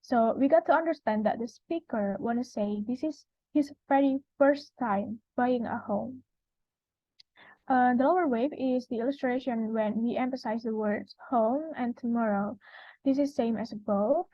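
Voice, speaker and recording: A woman's voice: on the high side, dry recording. A young woman with an Indonesian accent giving a class presentation, explaining step by step with frequent fillers. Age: young adult. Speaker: student presenter. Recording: dry, dull lo-fi recording.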